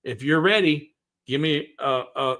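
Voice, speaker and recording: A man's voice: on the high side, unhurried, a bit bright. A man hosting a woodworking livestream in a loose, folksy way, reading out viewer comments and humming to himself as he works in his workshop. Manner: folksy and loose, hums to himself while working; reads viewer comments aloud and answers them. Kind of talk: casual live tutorial chat.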